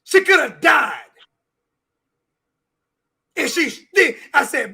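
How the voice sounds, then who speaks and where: A man's voice: very high-pitched, sing-song, slow, creaky, bright, forceful tone, raised voice. A man on a sports talk show, ranting with heavy swearing and repeating his words. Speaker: show regular.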